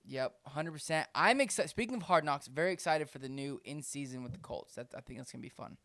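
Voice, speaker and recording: A man co-hosting a casual fantasy football podcast, reading out names with animated delivery and frequent laughs. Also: fairly high pitch, fast talker, no echo. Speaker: podcast co-host. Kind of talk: casual chat.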